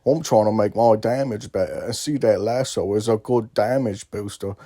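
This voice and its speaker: A man's voice: fairly low pitch, normal speed, warm tone, no room sound, clean studio sound. A man putting on an English accent to read out a gamer's plea to buy an in-game item. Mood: pleading. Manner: put-on English accent, dramatic reading. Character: pleading male gamer asking to buy an item.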